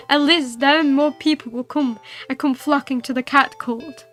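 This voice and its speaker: A woman's voice: high voice, unhurried, a bit bright, faint music behind. A young woman streaming a game, reading its text aloud and chatting, playful and giggly with cat-like meows.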